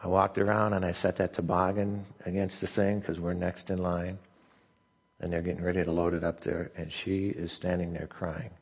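A man's voice: low-pitched, flat delivery, normal speed, slightly rough. An older man preaching a sermon as the pastor, telling a family story with many fillers and restarts. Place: church sanctuary. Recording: long church hall reverb.

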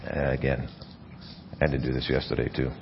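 A pastor with a bass voice preaches earnestly in church, a little fast with little pitch movement and some vocal fry, often restarting and repeating words mid-phrase. He coughs and seems to have something in his mouth, and the audio is dull with background noise.

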